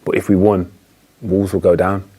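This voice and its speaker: Man, very low voice, football pundit, casual, filler-heavy. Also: normal speed, slightly rough. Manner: relaxed, anecdotal, frequent fillers. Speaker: studio pundit. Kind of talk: casual studio chat.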